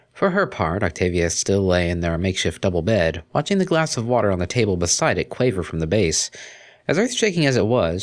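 Deep-voiced man reading a story. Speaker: story reader. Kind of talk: scripted narration of fan fiction.

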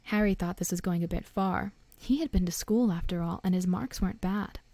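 A woman narrating a storybook audiobook in a steady storytelling manner. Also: lowish voice, normal speed, no echo.

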